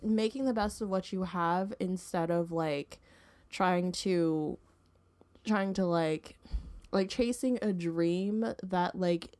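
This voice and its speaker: A woman's voice: on the low side, darkish tone. A woman in her twenties, co-hosting a podcast in casual chat, filling her talk with "like" and laughing often. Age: 20s. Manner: chatty, fills speech with "like", laughs often. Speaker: podcast co-host.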